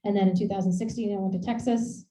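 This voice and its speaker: This woman from Maine talks fast in a dark-toned, medium-pitched voice with fairly even intonation. Her casual slide talk about her research is chatty and rambling, with moments of laughing at herself, captured in an echoey room with dull lo-fi sound.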